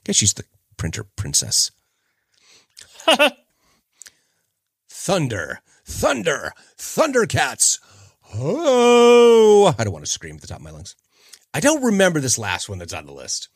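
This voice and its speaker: Lively low-voiced man rambling on a podcast. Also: no echo, clean studio sound. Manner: rambling, chatty, trails off searching for names. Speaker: podcast host. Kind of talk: casual solo podcast chat.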